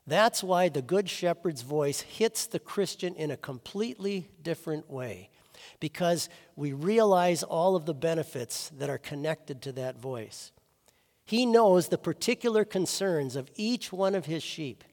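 A man preaching a sermon as pastor, earnest, swinging between loud stressed words and soft low phrases. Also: animated, unhurried, long reverb tail.

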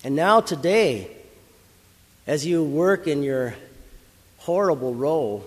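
A man preaching a sermon, telling a story in an earnest, dramatic way that builds to loud emphasis. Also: a little high. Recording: long hall reverb.

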